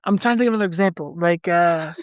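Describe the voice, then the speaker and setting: A man's voice: sits high, rapid-fire, smooth, dry recording, studio quality. A man co-hosting a podcast, chatting casually and rambling through his stories with lots of "like" fillers. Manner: rambling, loose, full of "like" fillers. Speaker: podcast co-host. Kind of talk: casual chat.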